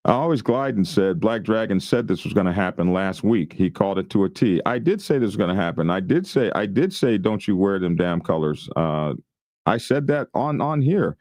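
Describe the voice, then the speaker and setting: A middle-aged man hosting a casual podcast, talking in a halting, laid-back way and laughing at himself. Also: on the low side, lively intonation, a little mellow, no echo, clean studio sound. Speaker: podcast host.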